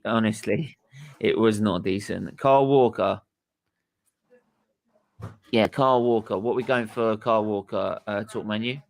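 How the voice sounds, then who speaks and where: A man's voice: medium pitch, creaky, low-quality recording. A man hosting a casual football reaction chat, blunt and sweary, rambling with restarts. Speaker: host.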